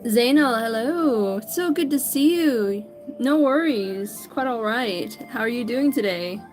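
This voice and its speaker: Chatty high-voiced woman streaming her drawing. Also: animated, slow pace, a little mellow, soft background music. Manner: chatty, greets viewers by name; stumbles and corrects herself often. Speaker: livestreaming artist. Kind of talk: casual chat while drawing.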